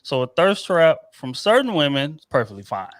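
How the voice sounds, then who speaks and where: A man's voice: fairly high pitch, big pitch swings, normal speed, dry recording. A young man hosting a casual podcast discussion, asking questions and hedging carefully with frequent restarts. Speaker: podcast host. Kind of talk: casual group chat.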